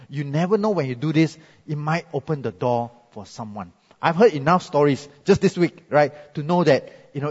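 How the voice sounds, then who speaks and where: Husky Singaporean pastor in echoey hall. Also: male voice, on the high side, lo-fi sound. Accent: Singaporean English. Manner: chatty, animated storytelling with frequent "right?" tags. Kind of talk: sermon. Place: church hall.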